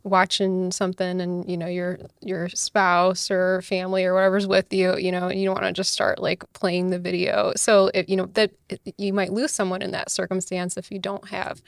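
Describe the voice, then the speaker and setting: A woman's voice: fairly low pitch, completely flat delivery, moderate pace, vocal fry, few pauses, clean tone, no room sound, clean studio sound. A woman co-hosting a podcast, asking questions in a chatty way full of "you know" fillers. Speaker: podcast co-host. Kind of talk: casual podcast interview.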